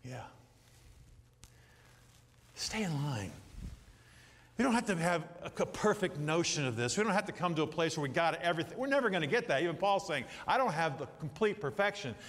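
A middle-aged pastor preaches in a church sanctuary, his fairly high voice racing along with hardly a pause. He spins folksy stories and acts out little scenes in animated asides, and a long hall reverb trails his words.

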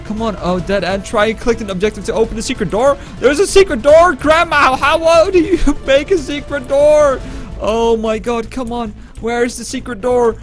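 Brief: high-pitched male gaming YouTuber, frantic stammering play-by-play. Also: normal speed, soft background music. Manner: panicky and stammering. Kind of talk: gameplay commentary.

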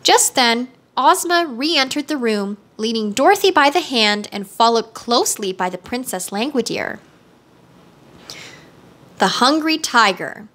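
A woman reading a children's storybook aloud with steady, clear narration. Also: fairly high pitch. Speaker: reader.

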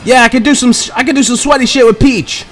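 A man giving excitable, profane gameplay commentary, trash-talking and yelling at the screen. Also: very high-pitched, fast, faint music behind. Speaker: gaming channel host.

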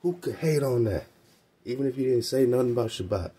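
A man with a mid-range, mellow voice and a breathy edge hosts a radio show, speaking fairly quickly and animatedly. He teaches religion in casual slang, stays emphatic, repeats phrases and laughs in asides.

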